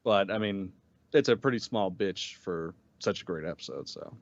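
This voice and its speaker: Laid-back low-voiced man, lo-fi mic. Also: normal speed. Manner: laid-back, brief agreeing replies. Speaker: podcast co-host. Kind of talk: casual review chat.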